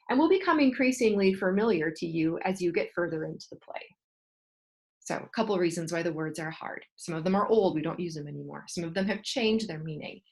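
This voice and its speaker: A woman teacher working through a textbook passage with her class. She reads a few lines aloud, then stops to rephrase and explain them in a steady, patient way. Her voice sits slightly low for a woman.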